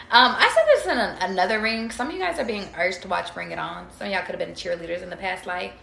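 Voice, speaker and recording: A woman with a mid-range, creaky, bright voice talks fast and forcefully with few pauses, in a roomy echo with slight background noise. Giving viewers a casual tarot reading, she addresses them directly in an expressive, slangy, chatty way and swears freely.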